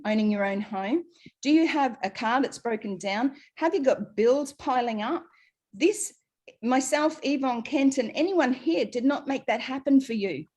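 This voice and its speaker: Aussie woman giving a fired-up business pitch online, pushy and emphatic. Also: darkish tone. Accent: Australian. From Australia. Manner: passionate, urgent, emphatic. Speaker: presenter. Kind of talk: live online business presentation.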